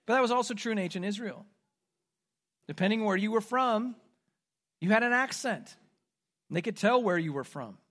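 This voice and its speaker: A man's voice: high voice, animated, moderate pace, pauses often, a bit bright. A man from the American Midwest preaching a sermon as pastor, explaining scripture and acting out quoted lines.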